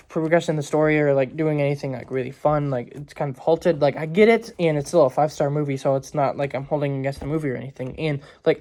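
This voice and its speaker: A man's voice: fairly high pitch, a little mellow. A man casually reviewing movies in a rambling way, filling his talk with "like" and "um". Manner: rambling, heavy use of "like" and "um" fillers.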